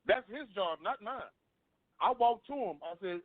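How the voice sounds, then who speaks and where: A man with a fairly high voice tells a personal story in an earnest, repetitive way. His voice is dry and thin, as if heard over a phone line. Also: lively intonation, moderate pace, no room sound. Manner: earnest, storytelling, repeats himself. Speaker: panel guest. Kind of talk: personal story on a talk panel.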